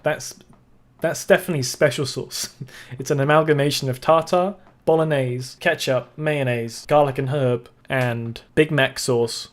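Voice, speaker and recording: A man's voice: medium pitch, steady tone, unhurried. A man giving sarcastic, swearing reaction commentary, laughing often. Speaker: reaction video host.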